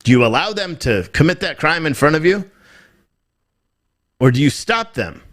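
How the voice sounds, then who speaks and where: A man's voice: on the high side, very animated, moderate pace, a bit bright. Emphatic, rambling American commentator man. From United States. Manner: emphatic and repetitive, hammering points with rhetorical questions; rambling, with frequent restarts. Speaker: political commentator streaming live. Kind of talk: off-the-cuff commentary reacting to viewer chat.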